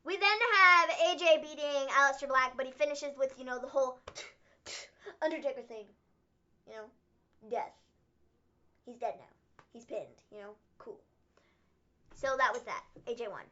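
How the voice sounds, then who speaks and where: A woman's voice: high-pitched, normal speed, pauses often, sharp tone. A woman co-hosting a casual stream, recapping with a sarcastic, playful manner. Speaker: co-host of a wrestling recap stream. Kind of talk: casual chat. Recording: muffled lo-fi stream audio.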